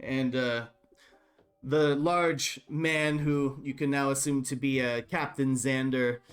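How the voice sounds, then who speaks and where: A man's voice: mid-range voice, flat delivery, a little slow, faint music behind. Man narrating a tabletop game. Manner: rambling with many fillers. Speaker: dungeon master.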